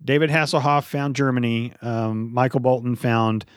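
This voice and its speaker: A man's voice: mid-range voice, moderate pace, smooth, no echo. A man leads a casual podcast chat about a movie, teasing his friends in a playful tone. His voice sits in a middle range, and the recording is close and dry. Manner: playful teasing, lively swings upward. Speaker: podcast host.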